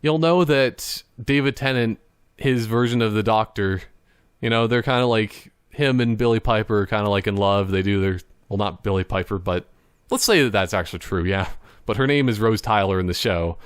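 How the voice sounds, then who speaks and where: A man's voice: fairly low pitch, normal speed, clear, resonant tone, no room sound, studio quality. A young man from Canada hosting a solo podcast in casual chat, rambling and laughing often, now and then slipping into playful impressions, talking at his computer. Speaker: podcast host. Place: indoors at a computer.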